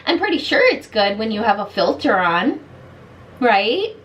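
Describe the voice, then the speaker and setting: A woman's voice: a little high, big pitch swings, unhurried, fairly bright tone, dull audio. A woman in her late thirties doing a casual makeup review at home in her bedroom, talking frustrated and blunt. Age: late 30s. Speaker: beauty vlogger.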